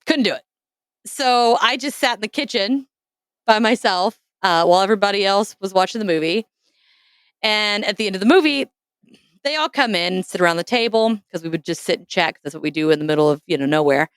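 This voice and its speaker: A woman hosting a casual podcast, telling stories with animated, self-mocking energy. Her pitch leaps and falls with the story. She sits close to a dry, dead-sounding mic. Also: fairly quick, smooth, no room sound. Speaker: podcast host.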